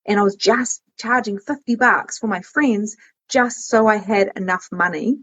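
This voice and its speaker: A woman guest telling personal stories candidly in a podcast conversation, with lively quoted asides. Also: mid-range voice, moderate pace, slightly rough. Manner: emotional storytelling, swearing, lively quoted asides. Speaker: guest, business coach.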